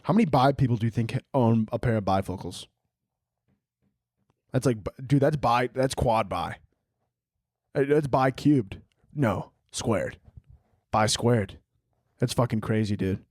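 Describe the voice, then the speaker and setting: A man's voice: medium pitch, measured pace, pauses often, a little mellow, dry recording, studio quality. A young man hosting a solo podcast late at night, rambling, swearing a lot and riffing goofily. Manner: rambling, profane, goofy riffing. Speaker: podcast host. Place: room at home, late night.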